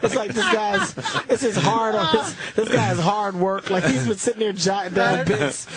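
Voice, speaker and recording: High-pitched guy hyped up telling a story on a radio show, loud laughter all around him. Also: normal speed, over a noisy crowd. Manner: animated, excitable storytelling with acted-out quotes. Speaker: guest comedian. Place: radio studio.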